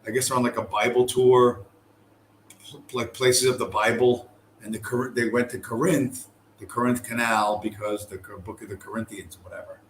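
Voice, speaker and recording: A man's voice: mid-range voice, flat delivery, moderate pace, roomy sound, a little hiss or hum. A man vlogging to camera in a loose, rambling way, swearing often and full of fillers and restarts. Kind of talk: casual travel chat to camera. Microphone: camera mic.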